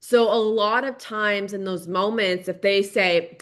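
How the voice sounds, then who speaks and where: Her medium-pitched voice is fairly bright and a little slow as she runs a solo parenting podcast, repeating the main ideas earnestly and tossing in "right?" often.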